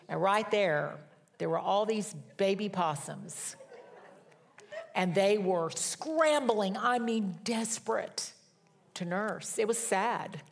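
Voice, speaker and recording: A woman's voice: medium pitch, creaky. A woman in her sixties preaching a sermon, telling a personal story with humor and fervent prayer. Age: 60s.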